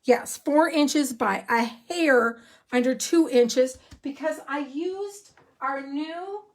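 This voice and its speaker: Brief: high-pitched woman, excitable crafting demonstrator, chatty and rambling, live from an indoor craft room. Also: takes it slowly, slight background noise. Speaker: card-making demonstrator.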